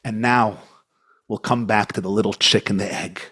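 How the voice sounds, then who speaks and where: A man giving a sermon as a rabbi, impassioned, swinging between soft low lines and high, emphatic ones. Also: fairly even intonation, moderate pace, breathy edge.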